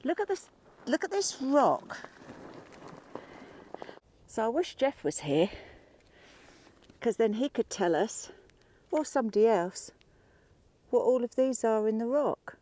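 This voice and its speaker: A woman's voice: fairly high pitch, sing-song, slow, pauses often, dark tone, no echo. A woman chatting outdoors on a mountainside, explaining local history she researched. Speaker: co-host and researcher. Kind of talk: casual chat.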